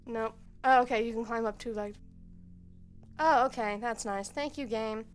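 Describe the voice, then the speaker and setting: A young woman streamer giving quiet, nervous, rambling let's-play commentary at home into a headset mic. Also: on the high side.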